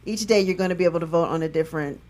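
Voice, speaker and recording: A woman's voice: on the low side, racing, darkish tone, soft background music. A woman co-hosting a casual talk show, chatting and reading out show announcements. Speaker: co-host.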